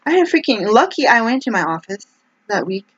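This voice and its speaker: A woman's voice: a little high, very animated, a little fast, a bit bright, husky, dry recording. A woman vlogger talking casually to camera in a meandering, chatty way, with lots of "like" and restarts. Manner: chatty, meandering, heavy use of "like". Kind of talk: casual rambling monologue. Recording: dull lo-fi with faint noise.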